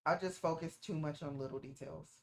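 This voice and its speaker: A woman's voice: low-pitched, fairly quick, vocal fry. A woman streamer giving casual reaction commentary while watching a movie, playful and teasing and picking at small details.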